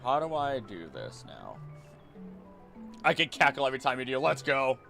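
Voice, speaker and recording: A young man chatting casually on a stream, rambling and excitable, jumping between topics and often restarting his sentences. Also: mid-range voice, normal speed, vocal fry, soft background music. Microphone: desk mic.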